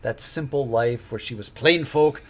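A man's voice: mid-range voice, measured pace. A man co-hosting a casual podcast chat. His delivery rambles and restarts, with wry asides thrown in. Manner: rambling, wry, self-interrupting. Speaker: podcast co-host.

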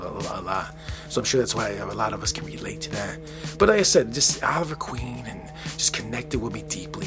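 A tired man in his forties talks into a podcast mic at bedtime, his voice sleepy and relaxed. He rambles earnestly, stumbling over and repeating his words. Faint music plays softly behind him. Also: mid-range voice. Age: 40s. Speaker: podcast host. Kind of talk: casual solo podcast talk. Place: at home, relaxed. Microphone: podcast microphone.

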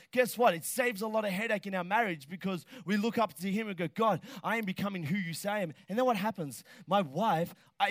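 A middle-aged man delivers a sermon in a high, lively voice. He jokes, then rises to shouted emphasis. The sound is close and dry, with no room around it. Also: no echo. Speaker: pastor.

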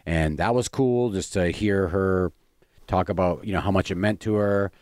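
A man's voice: low-pitched, moderate pace, a little mellow, dry recording, studio quality. A man who is a stand-up comedian, telling a story in casual chat, rambling with lots of fillers and restarts.

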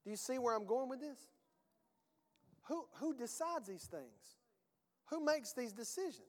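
A man's voice: extremely high pitch, lively intonation, unhurried, long reverb tail. A male pastor preaching a sermon in a conversational, emphatic way, with rhetorical questions and folksy phrasing.

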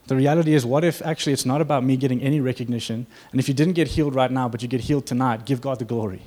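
A man preaching a sermon to his church in an earnest, conversational way, acting out quotes as he goes. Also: medium pitch. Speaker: pastor.

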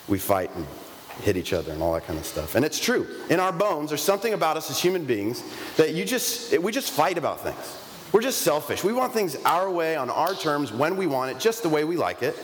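A man's voice: medium pitch, a little hiss or hum. A man in his thirties preaching a sermon in a conversational, emphatic way, asking the congregation rhetorical questions from the pulpit of a church. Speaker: pastor. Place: church sanctuary. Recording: long reverb of a large hall, faint ambience.

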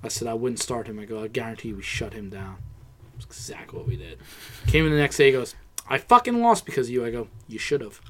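A man co-hosting a podcast in casual chat, telling animated, profane stories. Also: medium pitch, fast talker. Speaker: podcast co-host.

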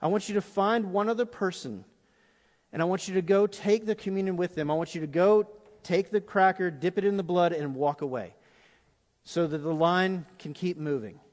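Middle-aged pastor guy preaching, high voice, gets fired up then goes quiet and prayerful, big echoey church hall. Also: moderate pace. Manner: impassioned preaching, drops to hushed prayer. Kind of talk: sermon. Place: large church auditorium. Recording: long hall reverb.

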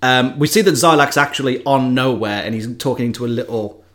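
A man in casual podcast chat, telling a film plot in an animated way with frequent asides. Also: medium pitch, a little fast.

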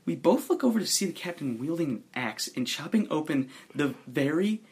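Brief: male podcast storyteller, animated delivery, slightly husky voice. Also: fairly high pitch, fairly quick. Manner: lively, laughing storyteller. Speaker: podcast host and player. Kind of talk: casual improvised tabletop storytelling.

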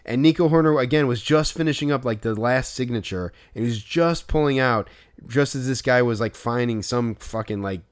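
A man co-hosting a casual podcast, telling a story full of "like" and loudly acting out what people said. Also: mid-range voice, a little fast, clear, resonant tone. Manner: animated retelling with loud acted-out quotes and filler "like". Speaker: podcast co-host.

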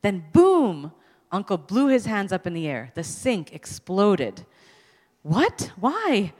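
A woman author reading her own story aloud at a public event, expressive and amused. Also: mid-range voice, a little slow. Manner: expressive, amused, laughs between lines. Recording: long hall reverb.

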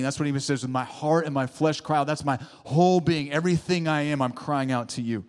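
A man's voice: fairly high pitch, fast talker, hardly any pauses. A man preaching in a reverberant sanctuary. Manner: emphatic preaching with rising exclamations and call-and-response asides. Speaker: pastor. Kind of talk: sermon. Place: church sanctuary. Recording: long hall reverb.

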